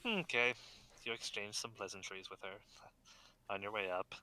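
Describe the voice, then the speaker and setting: A man narrating as game master over a video call, unhurried and halting with many fillers. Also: lowish voice, pushed and bright.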